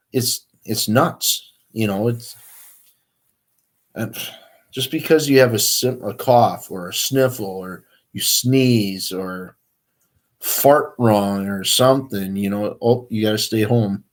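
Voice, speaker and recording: A man hosting a casual livestream, talking in a rambling, easygoing way with lots of fillers. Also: medium pitch. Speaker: outdoors livestream host.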